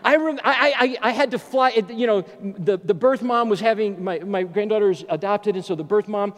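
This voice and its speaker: A middle-aged man preaching a sermon as a pastor, an animated storyteller who jokes his way through. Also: high voice, fairly quick, big-room sound.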